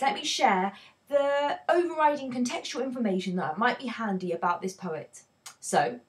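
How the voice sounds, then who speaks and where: A woman teaching a poetry analysis lesson, explaining in a clear, earnest way with emphatic stresses. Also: on the high side.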